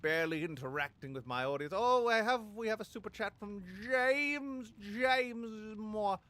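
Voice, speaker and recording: Male streamer, somewhat high voice, casual crude rambling monologue. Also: animated, a little slow, sharp tone. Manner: rambling, crude, jokey, lots of fillers and restarts.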